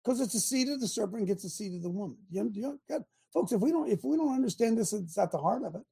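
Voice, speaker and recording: A male talk show host who preaches more than he chats, putting rhetorical questions to his listeners and mocking what he opposes. His voice is husky and breathy, and his pitch leaps up and down as he drives each point home. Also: fast. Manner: animated, sermonizing, mocking, asks the audience questions.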